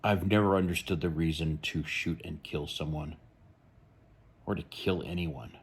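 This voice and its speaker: A man's voice: very deep voice, fairly even intonation, unhurried, husky. A man hosting a true crime channel, giving blunt, rambling, opinionated commentary.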